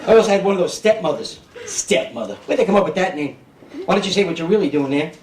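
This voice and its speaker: A man's voice: high voice, lively intonation, fast. A man, doing a streetwise stand-up set in a comedy club and often checking in with the crowd. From Brooklyn, New York. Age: 50s. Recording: echoey club, mic heard from a distance, audience noise.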